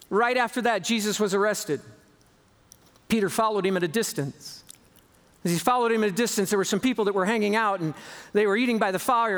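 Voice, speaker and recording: High-voiced pastor telling a dramatic story. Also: male voice, a bit bright. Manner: dramatic storytelling, shifting between slow emphasis and quick bursts. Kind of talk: sermon.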